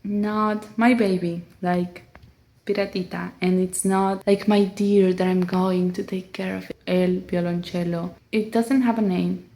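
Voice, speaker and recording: Young Mexican woman vlogger, Spanish-accented English, slow and creaky, teary-sounding voice, rambling. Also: on the low side, a little mellow. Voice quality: voice sounds close to crying. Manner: rambling, self-conscious, giggly asides. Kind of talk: casual chat to camera.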